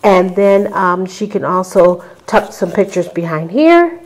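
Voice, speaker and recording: A woman with a fairly low voice talks through her handmade album in a relaxed show-and-tell. She is chatty, fills pauses with ums, and turns aside to speak to her viewers. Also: poor audio. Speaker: crafter showing a handmade album. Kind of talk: casual show-and-tell tutorial.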